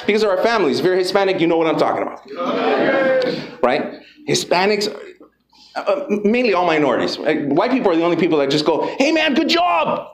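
High-voiced, profane motivational speaker, man. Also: fast talker. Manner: energetic, profane, calls out to the crowd. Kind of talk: motivational talk to a live audience. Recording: echoey room with background noise.

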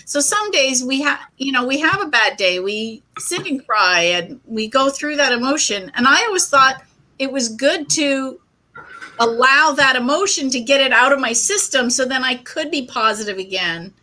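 A woman's voice: high voice, animated, moderate pace, pushed and bright, low-quality recording. A woman hosting an interview, chatty and self-deprecating. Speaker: host. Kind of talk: conversational interview.

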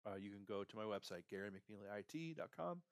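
A man's voice: lowish voice, lively intonation, quick pace, creaky, no echo, studio quality. A man hosting a motivational career podcast, coaching the listener and tagging lines with "right?" and "okay?". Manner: pep-talk, repeats "right?" and "okay?", guides listener.

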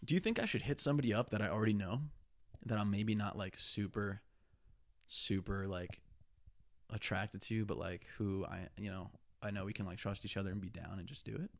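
A man's voice: lowish voice, brisk, gravelly. A young man hosting a solo podcast, talking in a rambling, profane, candid way. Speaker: podcast host. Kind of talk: casual solo podcast monologue.

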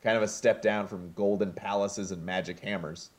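A man's voice: on the low side, fairly even intonation, normal speed, close to an everyday voice. A man voicing a sarcastic male raccoon in a dry, plain reading voice.

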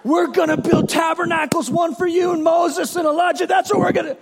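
A man's voice: very high-pitched, expressive, unhurried, gravelly, heavily acted. A man voicing a rattled adult male disciple who rambles in bewilderment. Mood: eager.

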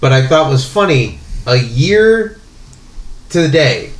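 A man's voice: a little high, big pitch swings, slow. A man in casual conversation, winding through a story with restarts and filler words. His voice sits in a roomy, echoing space with faint ambient noise underneath. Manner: rambling, many fillers and restarts. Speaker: podcast guest telling a work story.

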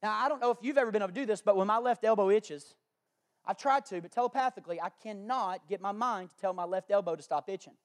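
A man preaching a sermon as pastor, talking folksy and conversational with homespun examples, then repeating lines as he builds to loud, emphatic declarations. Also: high voice, quick pace.

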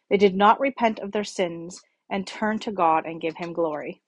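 A woman reads scripture aloud in a measured, deliberate way, slowing on the solemn phrases. Her voice sits a little low. The recording is dry and close, with no room sound. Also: slightly rough, dry recording. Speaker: scripture reader. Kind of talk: scripture reading.

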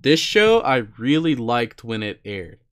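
A man's voice: medium pitch, sing-song, measured pace, fairly bright tone, smooth. A young man co-hosting an anime chat, talking casually and rambling with fillers and the odd swear word. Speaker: podcast co-host.

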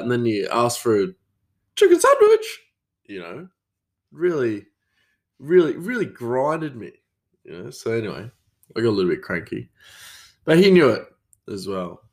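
A man with an Australian accent, rambling through a casual story as host of his own show. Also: fairly low pitch. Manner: rambling, animated storytelling with many fillers. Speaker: podcast host, chef.

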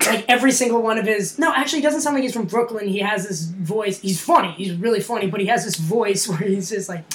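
A man's voice: sits high, quick pace, roomy sound, slight background noise. A young man, a stand-up comedian, telling stories and laughing in a casual podcast chat. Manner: rambling, laughing storyteller.

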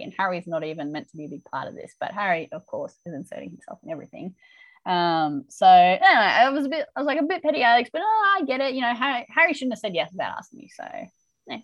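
A woman's voice: on the low side, dry recording, low-quality recording. A woman co-hosting a casual chat, animatedly retelling a TV episode and reacting with laughs. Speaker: podcast co-host recapping a TV episode.

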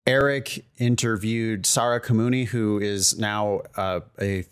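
A man co-hosting a podcast, talking casually and joking with quick asides. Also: on the low side, steady tone, clean tone. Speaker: podcast co-host.

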